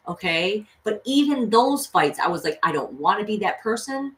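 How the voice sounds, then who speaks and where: A woman's voice: mid-range voice, expressive, normal speed, hardly any pauses. Earnest woman vlogger chatting to viewers. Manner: earnest, addresses viewers directly; swears freely when worked up. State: mother of six children. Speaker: tarot reader and vlogger. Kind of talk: casual livestream chat.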